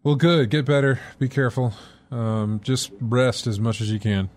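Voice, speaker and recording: A man hosting a call-in talk show, chatting casually with callers and giving quick friendly affirmations. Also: medium pitch, a little mellow. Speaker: host.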